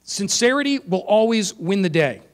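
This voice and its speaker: A man giving a conference presentation to teachers, energetic and emphatic, shifting his pace for effect. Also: high-pitched, normal speed. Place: conference room.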